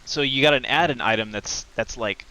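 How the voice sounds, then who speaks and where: A man's voice: medium pitch, fairly quick, pushed and bright, clean tone, low-quality recording. A man playing in a tabletop game, chatting casually and explaining things step by step. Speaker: player.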